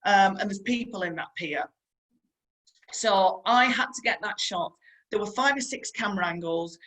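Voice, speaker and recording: Poor audio captures a middle-aged Yorkshire woman, a stunt performer, delivering a motivational talk through stories. Her mid-range voice is a bit bright and moves at normal speed. She comes across as chatty and earnest, repeating her advice and addressing the audience head-on.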